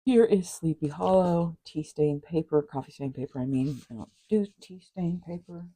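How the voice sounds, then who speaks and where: A woman's voice: low-pitched, normal speed, dark tone, slightly rough, poor audio. A woman crafter chatting casually as she shows a handmade journal, rambling with asides and apologies. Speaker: craft vlogger. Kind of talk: casual journal flip-through chat.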